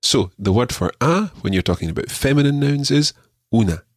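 A man teaching a radio language lesson, patient and encouraging, repeating words slowly for the learner. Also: medium pitch, lively intonation, husky, no echo, clean studio sound.

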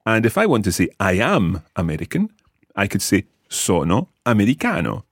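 Deep husky Scottish man teaching. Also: huge pitch swings, fairly quick, no room sound, studio quality. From Scotland. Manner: patient, enunciates words for learners to repeat. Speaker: language teacher, podcast host. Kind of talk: audio language lesson.

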